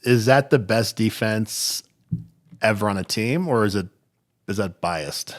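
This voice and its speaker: A man's voice: fairly low pitch, unhurried. A man on a podcast, chatting casually and tossing in short, easygoing questions and agreement. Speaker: podcast guest.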